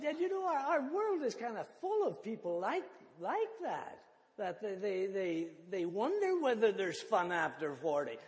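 A man preaching a sermon, halting and repeating words as he thinks aloud. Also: high voice. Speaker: pastor. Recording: reverberant church hall.

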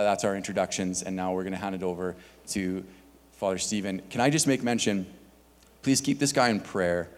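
A man on a church staff giving casual announcements to the congregation, with many filler words. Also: low voice. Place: church sanctuary. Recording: long hall reverb.

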